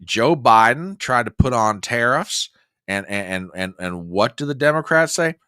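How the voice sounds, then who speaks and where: A man hosting a political commentary show, talking in an animated, exclamatory and mocking way. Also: medium pitch, unhurried, smooth, dry recording, clean studio sound. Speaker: host.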